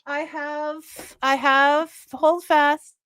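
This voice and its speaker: Woman, podcast host, fairly high voice, emphatic, laughs a lot, dry close sound. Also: level tone, drawn-out words, fairly bright tone, dry recording. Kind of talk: casual conversation.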